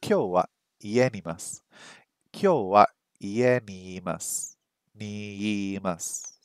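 A man's voice: fairly low pitch, a little slow, clean tone, no echo, clean studio sound. A man on a casual study stream, thinking aloud, repeating phrases over and over and joking at his own mistakes. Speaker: streamer learning a language. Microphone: streaming microphone that picks up his voice weakly.

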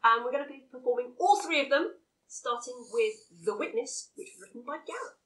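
Brief: woman host, slightly high voice, brisk presenting tone. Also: animated, a bit bright, poor audio. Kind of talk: introducing segments.

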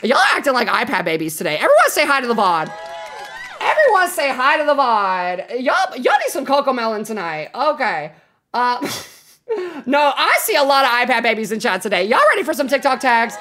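A woman game streamer chatting casually while she plays, expressive, swearing freely and cooing affectionately to her viewers. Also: on the high side, normal speed. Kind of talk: casual live-stream chat while gaming.

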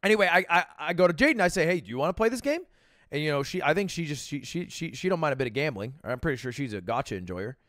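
Animated young man with a lively voice. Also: fairly high pitch, quick pace, hardly any pauses, no echo, clean studio sound. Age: 20s. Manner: animated, laughing, filler-heavy rambling. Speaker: streamer reacting to a video. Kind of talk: casual reaction commentary.

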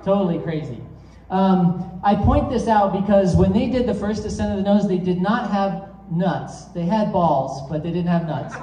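A man's voice: high voice, moderate pace, warm tone, a little hiss or hum. A man giving a live keynote talk to an audience, casual and storytelling, with many fillers. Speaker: keynote speaker. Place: event hall. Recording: roomy, distant, dull sound.

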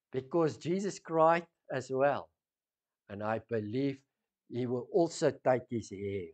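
A man with a South African accent preaching a sermon, swinging from loud emphasis down to hushed intensity. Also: mid-range voice, animated, takes it slowly, long pauses. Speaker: pastor.

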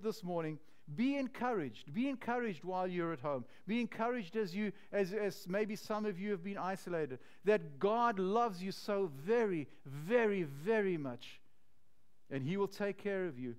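A man pastor preaching a sermon in an earnest, slow and emphatic way. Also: sits high, clean tone.

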